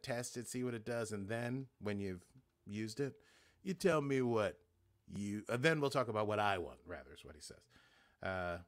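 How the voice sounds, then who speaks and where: A man's voice: lowish voice, fairly bright tone. A man hosting a podcast, casually recapping a TV episode in a loose, rambling way, acting out lines with lots of fillers. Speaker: podcast host.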